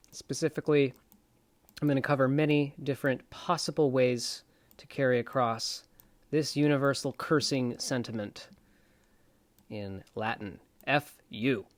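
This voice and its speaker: A man giving a casual, playful lesson, repeating words slowly to show how they sound. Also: mid-range voice, dry recording. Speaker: self-taught Latin presenter.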